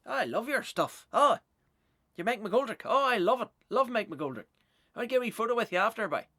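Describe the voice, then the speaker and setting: A man's voice: expressive, a little fast, bright, forceful tone, no room sound, studio quality, full character voice. A man putting on a gushing male fan from a small town, with a Northern Irish accent. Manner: shrill and gushing.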